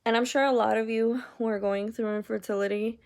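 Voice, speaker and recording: Speaking briskly in a steady, somewhat high and slightly mellow voice, this young woman vlogger tells a personal story. It's casual, rambling and candid, full of "like"s, and she sounds upset.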